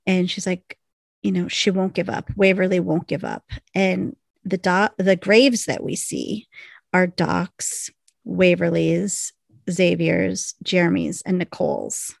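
A woman co-host retells a TV scene step by step, acting out the characters' lines as she goes. Her voice is low and gravelly with fry. The recording is dry and close. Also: slow pace, no echo. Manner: animated storyteller, acts out lines in the retelling. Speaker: podcast co-host. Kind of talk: casual chat.

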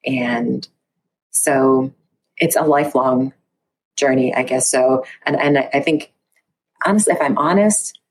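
A woman researcher, a podcast guest, speaking candidly and reflectively, acting out her own inner dialogue. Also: extremely low pitch. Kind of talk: candid conversational interview.

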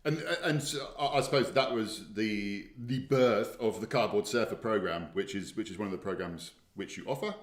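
A man's voice: fairly low pitch, normal speed, few pauses. A man hosting a casual chat, reading out listener questions and fumbling for clips. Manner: chatty, stumbles over restarts while finding clips. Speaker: host. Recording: roomy echo.

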